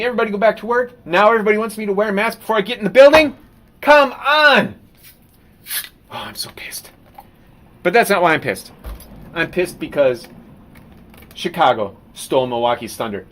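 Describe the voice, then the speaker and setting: A painter rambles on a live stream, reading his artist statement aloud and lurching between muttering and loud theatrical outbursts. He talks fast, with a high voice and lively intonation.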